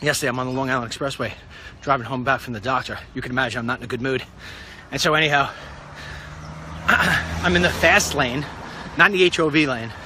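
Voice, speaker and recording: A middle-aged man telling a rambling story in a casual vlog, wry and animated. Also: mid-range voice, fairly quick, long pauses, slight background noise. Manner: wry, animated, puts on silly voices for quotes. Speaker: vlogger.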